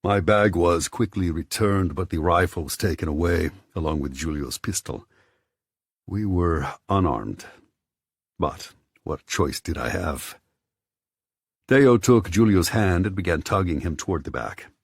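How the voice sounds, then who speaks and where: A very low, husky male voice reads a first-person story in measured, even steps. It sits dry and close to the mic, with nothing around it. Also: no echo. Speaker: audiobook narrator. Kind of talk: scripted first-person narration.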